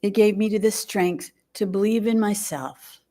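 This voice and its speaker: An older woman giving a gentle, reflective sermon at a fellowship service, speaking in measured phrases with pauses. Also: mid-range voice. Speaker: lay speaker. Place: fellowship hall, indoors.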